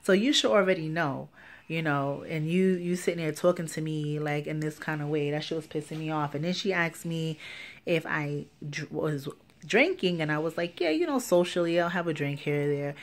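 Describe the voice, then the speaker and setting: A woman's voice: low-pitched, moderate pace. A pregnant young woman vlogging a casual story time, ranting with lots of swearing and acting out the people she quotes. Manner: animated, profane ranting with lively quoted dialogue.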